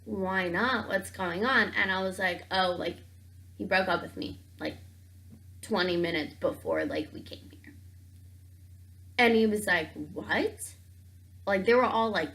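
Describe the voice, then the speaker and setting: A woman's voice: mid-range voice, unhurried. Chatty young woman, "like"-heavy storytelling. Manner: animated, says "like" constantly, acts out both sides of the talk. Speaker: vlogger. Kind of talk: casual storytime vlog.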